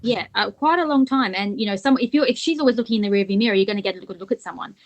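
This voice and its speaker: A woman co-hosting a true-crime podcast in relaxed, casual conversation. She retells events at length and thinks aloud as she talks. Her voice sits at an ordinary middle pitch for a woman. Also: racing, dull audio. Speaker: podcast co-host.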